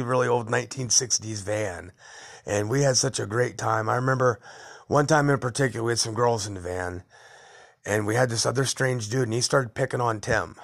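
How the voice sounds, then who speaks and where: Man, middle-aged, podcast host, casual storytelling, blunt, rambling, gravelly. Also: medium pitch, a bit bright.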